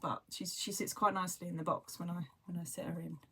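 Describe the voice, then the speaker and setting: A woman's voice: fairly low pitch, little pitch movement, fast, noisy background. A woman with a southern English accent, chatting casually and rambling as host of a crochet livestream. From southern England. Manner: chatty, rambling, self-described waffler. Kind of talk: casual chat.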